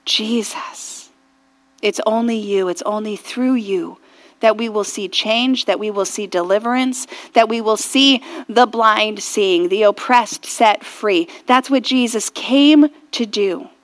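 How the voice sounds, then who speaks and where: A woman pastor preaching a sermon earnestly and reflectively, often dropping to a hushed near-whisper and rising to fervent prayer. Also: medium pitch, slow pace. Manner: rises to fervent intensity in prayer.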